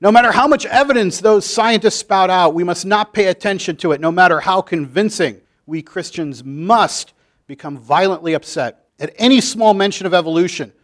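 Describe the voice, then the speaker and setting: A man hamming up a fiery, booming preacher. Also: moderate pace, fairly bright tone. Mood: rousing. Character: fiery preacher man rallying his flock.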